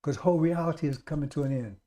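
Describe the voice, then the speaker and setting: A man's voice: a little high, fast talker, warm tone. A man preaching a radio sermon, emphatic and repetitive, speaking straight to his listeners.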